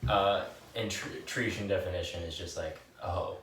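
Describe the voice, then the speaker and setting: A man's voice: low-pitched, steady tone, moderate pace, fairly bright tone, a little hiss or hum. A young man with a New York accent, telling stories in a laid-back way as a podcast co-host. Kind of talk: casual chat. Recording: roomy and distant from the mic.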